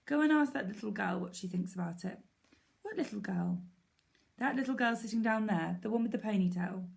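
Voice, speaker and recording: A patient mother barn owl, calm and coaxing, with a mid-pitched voice and a slightly gravelly edge, as a woman reads her in a storybook. She sounds gentle and unhurried.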